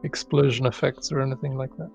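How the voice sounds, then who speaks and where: A man being interviewed in a casual live stream, with deadpan humor and frequent laughs. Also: medium pitch, fast talker, gravelly, lo-fi sound, faint music behind. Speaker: interview guest, asset developer.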